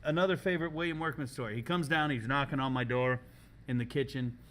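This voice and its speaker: A man hosting a casual podcast, telling animated, profane stories and laughing often, recorded in a school culinary kitchen. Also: mid-range voice, fast, slight background noise. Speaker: podcast host and culinary teacher.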